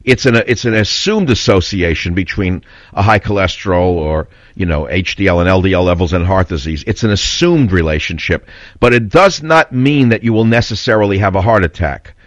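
Blunt older radio host, low voice. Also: male voice, lively intonation, a little fast, dry recording. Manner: blunt, combative, rambling storyteller. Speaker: radio talk show host. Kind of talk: opinionated talk radio monologue. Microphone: studio mic. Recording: dull, slightly lo-fi radio audio.

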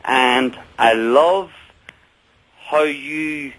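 A man in his forties with a Northern Irish accent, calling in to a radio talk show and speaking earnestly, with some halting pauses. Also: medium pitch, fairly bright tone. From Northern Ireland. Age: 40s. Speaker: caller. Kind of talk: radio call-in chat. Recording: phone line on radio.

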